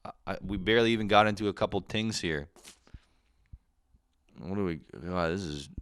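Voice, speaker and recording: A man's voice: low-pitched, moderate pace, fairly bright tone, clean tone, dry recording. A man in his thirties, a drunk podcast host, ranting in a profane, sarcastic casual way. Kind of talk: casual comedic rant.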